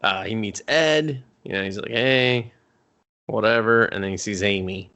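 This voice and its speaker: A man co-hosting a casual movie review podcast, swearing freely and acting out the characters' lines in quick impressions. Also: on the low side, bright, forceful tone. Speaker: podcast co-host.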